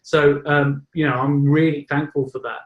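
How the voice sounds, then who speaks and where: A man's voice: on the high side, flat delivery, moderate pace, highs cut off. Rambling English man with an echo. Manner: rambling, many restarts, casual swearing. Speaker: podcast host. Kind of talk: casual interview chat.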